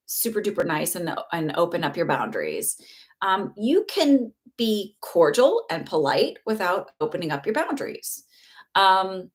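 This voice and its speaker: A middle-aged woman talking casually on a live stream as a spiritual teacher, earnest and reassuring, rambling with fillers and restarts. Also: medium pitch. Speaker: spiritual teacher and psychic reader.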